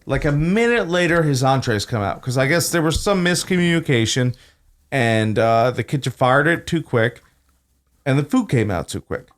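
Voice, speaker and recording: A man's voice: mid-range voice, moderate pace. A young man co-hosting a podcast, telling a work story in casual chat and acting out the people in it. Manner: animated storytelling, acts out customers in a raised voice. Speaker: podcast co-host.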